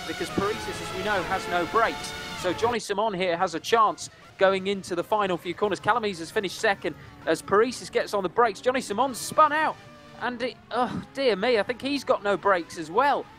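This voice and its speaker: A man giving live race commentary, brisk and excitable, his voice jumping up at crashes. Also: high-pitched, faint music behind. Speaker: sim racing commentator.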